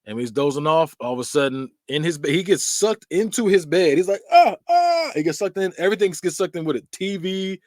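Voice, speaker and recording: A man's voice: on the high side, no room sound, studio quality. A man hosting a podcast, casually recapping horror movie scenes and acting out bits with sound effects. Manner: animated storytelling, acts out scenes with quick sound effects and laughs. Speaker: podcast host.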